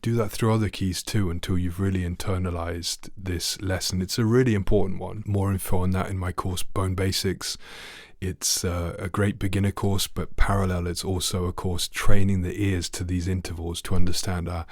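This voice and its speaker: A man with a deep, low voice gives a friendly online trombone lesson. He talks straight to the viewer and keeps asking questions. The sound is close and dry, with no room echo. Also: flat delivery, normal speed. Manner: friendly, asks the viewer questions, sings notes. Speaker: trombone teacher.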